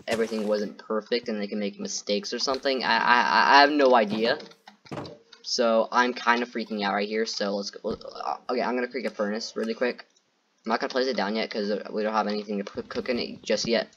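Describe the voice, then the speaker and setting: A man's voice: mid-range voice, fairly bright tone, slight background noise. A man doing gameplay commentary who rambles nervously, repeats himself and keeps talking to his viewers. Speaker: gaming YouTuber.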